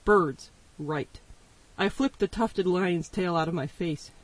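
A man narrates an audiobook with wry first-person storytelling. His voice sits high for a man, and he sounds distant from the microphone. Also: normal speed, no echo. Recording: voice distant from the mic.

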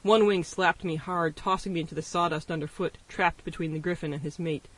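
A man's voice: fairly high pitch, steady tone, fairly quick, fairly bright tone. A man narrating an audiobook in a wry first-person storytelling manner. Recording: voice distant from the mic.

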